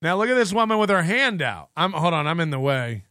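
A man's voice: on the high side, big pitch swings, a little fast, background noise. A man hosting a casual show, commenting on a viral video, laughing often and repeating quoted lines. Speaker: host.

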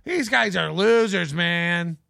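Guy hosting a comedy rant show, kinda high voice, slow and gravelly, sarcastic and swearing a lot. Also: lively intonation, pushed and bright, no room sound, studio quality. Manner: sarcastic, profane, rhetorical questions, laughing. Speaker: host. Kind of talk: casual comedic commentary rant.

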